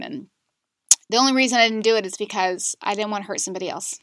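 A woman in her thirties, a podcast guest, telling a painful personal story candidly, with many fillers and pauses. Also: medium pitch, fairly bright tone, dry recording, studio quality. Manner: candid, emotional, frequent fillers. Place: Charlotte area.

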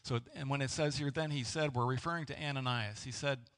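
A man preaching a sermon as a pastor, halting and searching for words with many fillers and restarts. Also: medium pitch, fairly bright tone. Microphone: presenting with slides.

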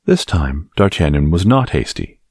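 Very deep, husky male narrator. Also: big pitch swings, moderate pace, a little mellow, dry recording, clean studio sound. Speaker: audiobook narrator. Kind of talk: scripted narration.

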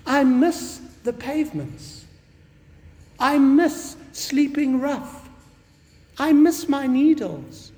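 A woman's voice: sits high, big pitch swings, very slow, a little mellow, voice pushed up, heavily acted. A man preacher voicing a young bride, a former prostitute, who tearfully admits she misses her old life on the streets. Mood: mournful. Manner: tearful, plain confession. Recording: long reverb of a large hall.

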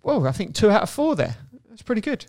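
A man's voice: sits high, very animated, fast talker, a little mellow. A man hosting a podcast, asking questions in a friendly, casual way and stammering on his first words. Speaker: podcast host.

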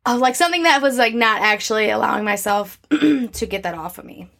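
A woman's voice: a little high, animated, a little fast, creaky, fairly bright tone. Woman vlogging about her feelings, rambly and reflective, lots of likes and restarts. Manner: chatty, reflective, many fillers and restarts. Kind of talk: casual personal talk to camera.

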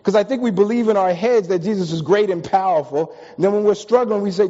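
A high-voiced man from the East Coast preaches a sermon with mellow warmth, mixing humor into his stories and rising to emphatic peaks. His voice carries a long reverb from a large hall, and the recording sounds a little dull and lo-fi. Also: fast. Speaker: pastor.

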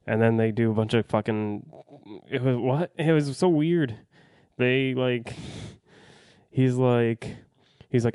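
A man's voice: medium pitch, steady tone, unhurried, darkish tone, smooth, no room sound, studio quality. A man giving a casual, rambling movie review, blunt and profane, full of fillers and restarts.

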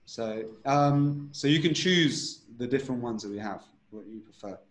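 A man explaining a breathing method step by step, at a medium pitch. He repeats points and keeps asking "right?". The room around him is echoey. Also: moderate pace. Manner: instructive, repeats himself, checks with "right?". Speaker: breathwork teacher, guest. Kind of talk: explaining a technique in an interview.

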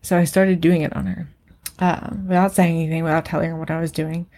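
Low-voiced woman sharing personal stories, emotional. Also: level tone, quick pace, a little mellow. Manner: emotional, frequent "like" fillers, swears casually. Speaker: podcast co-host. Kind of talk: candid personal conversation.

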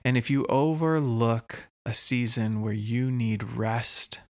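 Slow, gravelly-voiced male podcast host. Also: mid-range voice, no echo, studio quality. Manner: slow, earnest, deliberate with long pauses. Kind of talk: reflective solo podcast monologue.

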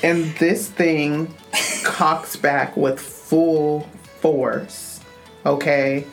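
Woman podcast host, low voice, slow easy talk, laughs a lot, music playing. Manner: animated storytelling, laughs often. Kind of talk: casual chat.

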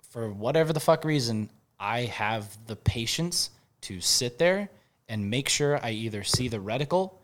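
Profane, animated young man telling stories. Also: mid-range voice. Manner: profane, animated storytelling with swearing and laughter. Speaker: firearms instructor and company co-founder. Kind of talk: casual podcast conversation.

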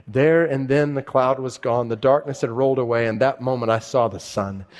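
A man's voice: medium pitch, steady tone, normal speed, darkish tone. A male pastor preaching a sermon, talking casually and reading a conversion story aloud. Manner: conversational, reads passages with shifting intensity.

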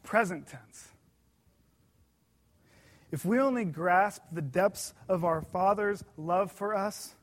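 A man preaching a sermon in an earnest, emphatic way, slowing down to stress key words. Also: high-pitched.

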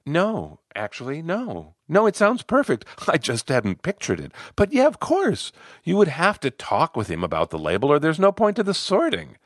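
A man's voice: a little high, huge pitch swings, normal speed, dry recording, studio quality, voice pushed up. A man voicing an earnest, somewhat uneasy male manager who asks eager questions during coaching. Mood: surprised.

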